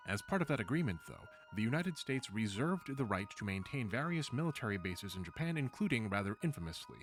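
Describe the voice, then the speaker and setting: A man giving scripted video-essay narration in a measured way, with dry, wry asides. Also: fairly low pitch, big pitch swings, faint music behind.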